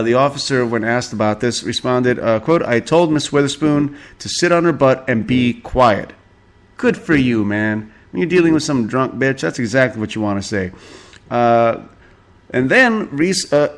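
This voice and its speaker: Man, podcast host, celebrity gossip, sarcastic, profane, chuckling. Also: medium pitch. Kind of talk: casual celebrity gossip commentary.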